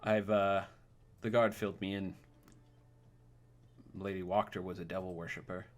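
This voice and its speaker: A man voicing a weary middle-aged male barkeep in a tabletop game, speaking in a measured, troubled way. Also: low-pitched, little pitch movement, close to an everyday voice. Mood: grim, troubled.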